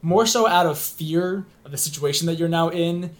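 A man runs a tabletop game as game master and narrates the scene in a loose, rambling way, full of ums and uhs. His voice sits a little high. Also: moderate pace.

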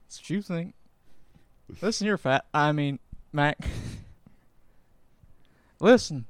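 A man doing a comedic impression of a rambling, gruff old male president who stammers and repeats himself. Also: fairly high pitch, slow, no echo, voice pushed down.

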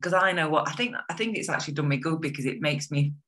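A young woman talks in a bright, forward voice. She is chatty and enthusiastic, leaning on fillers as she speaks in a casual interview. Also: deep voice, fast. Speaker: guest.

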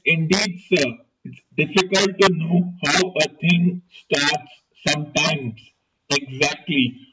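Slow, deliberate male reader. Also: a little high. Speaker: podcast host and reader. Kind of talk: audiobook-style reading aloud. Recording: distant, muffled, noisy recording.

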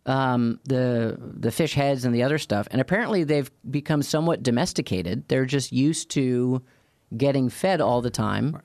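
A man's voice: mid-range voice, normal speed, darkish tone, no echo. A man co-hosts a casual chat and tells stories with dry humor, often at his own expense. His voice sits in the middle of the male range. The recording is close and dry. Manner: dry, self-deprecating humor. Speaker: podcast co-host.

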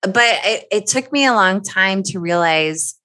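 A woman's voice: mid-range voice, animated, a little slow, pushed and bright, rough recording. A woman guest on a podcast, speaking in candid casual conversation, earnest and heartfelt.

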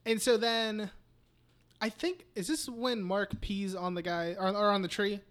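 A man with a high voice chats loosely on a podcast, walking through a film scene by scene. He swears freely, restarts his sentences and drops into little mock quotes of the characters. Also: a little slow, a bit bright. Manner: rambling, profane retelling of scenes with mock quotes. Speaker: podcast co-host. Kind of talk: casual movie chat.

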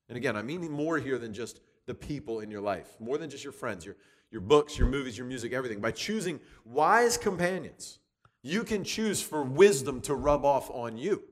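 A man giving a conversational sermon, lively and chatty, often restarting with repeated words. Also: medium pitch. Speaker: youth speaker teaching from Proverbs.

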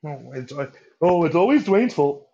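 Loud, swearing man on a tinny call. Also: a little high, big pitch swings, normal speed, gravelly, slightly rough. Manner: loud, profane, joking. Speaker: podcast co-host. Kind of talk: casual chat. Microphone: Bluetooth headphones. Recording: muffled call audio.

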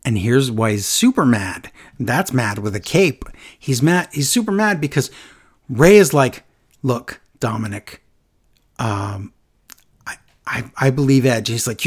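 A man chatting casually on a podcast, animated and acting out quotes in a lowered voice. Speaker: podcast co-host recapping wrestling. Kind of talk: casual chat.

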